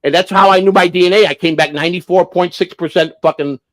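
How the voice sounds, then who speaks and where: A man around sixty tells a long family story on a casual livestream. His voice sits slightly high for a man. He is blunt and profane, restarting sentences and hammering his points. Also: fairly even intonation, quick pace, fairly bright tone. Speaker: livestream host.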